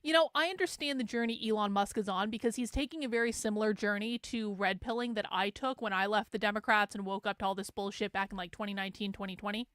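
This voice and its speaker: A woman's voice: mid-range voice, steady tone, fast talker, hardly any pauses, fairly bright tone, no room sound, studio quality. A woman hosting a show, giving profane, emphatic political commentary with laughing asides. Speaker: host.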